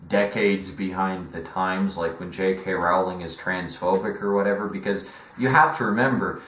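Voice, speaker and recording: Young man, low voice, sarcastic, profane, echoey room. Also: a bit bright. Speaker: video essay host. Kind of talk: sarcastic comedic commentary.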